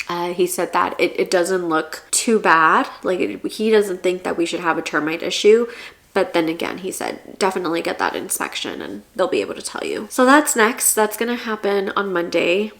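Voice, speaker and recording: A young woman talking to the camera in a casual home-buying vlog, earnest and rambling, at times tearful. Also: fairly low pitch. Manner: earnest, rambling, restarts often. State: tearful, emotional. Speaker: vlogger.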